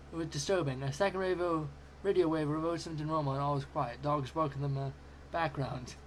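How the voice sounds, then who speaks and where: A man's voice: fairly high pitch, steady tone, fairly quick, slight background noise. Amused man reading fanfiction aloud. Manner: stumbling, amused. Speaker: fanfiction reader.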